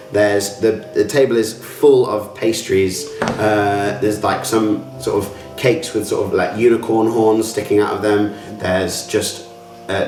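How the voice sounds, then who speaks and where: A man's voice: fairly low pitch, a little mellow. A man narrating a tabletop game as game master, rambling with many fillers. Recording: roomy, from a distance.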